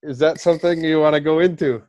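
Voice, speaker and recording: A man's voice: a little high, fairly even intonation, fast talker, a little mellow. A man hosting a casual podcast interview, talking in a loose, rambling way. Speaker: host.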